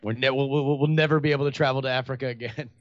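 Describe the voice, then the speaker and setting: A man's voice: mid-range voice, fairly even intonation, very fast, no room sound. Dry, wry male podcaster, lo-fi. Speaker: podcast co-host. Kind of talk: casual chat. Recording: dull lo-fi sound.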